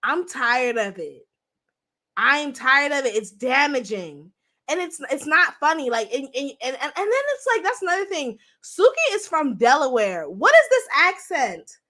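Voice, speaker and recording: A woman's voice: high voice, sing-song, measured pace, sharp tone. A young woman hosting a livestream, chatting bluntly and profanely to her viewers. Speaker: livestream host. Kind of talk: casual livestream commentary.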